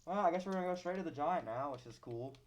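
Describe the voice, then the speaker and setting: A young man streams a video game in casual live commentary, swearing and complaining with mock drama about his losses. His voice is fairly high, with lively intonation and a fast pace.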